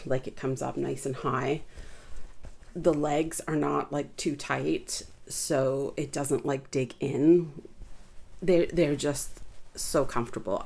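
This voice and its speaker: Low-voiced chatty woman reviewing purchases. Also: vocal fry, slightly rough. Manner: chatty, rambling, frequent fillers and restarts. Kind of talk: casual haul review.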